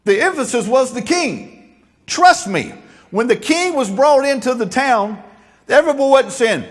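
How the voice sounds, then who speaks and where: A man's voice: very high-pitched, expressive, a little slow, long reverb tail. A male pastor preaching a sermon, folksy and joking, then earnest and emphatic.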